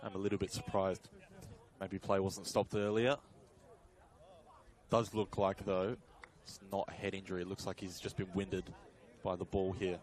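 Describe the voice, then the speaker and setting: This football colour commentator breaks down the live action in a chatty, analytical style, using fillers and correcting himself quickly. He has a low, somewhat dark voice and keeps a level tone.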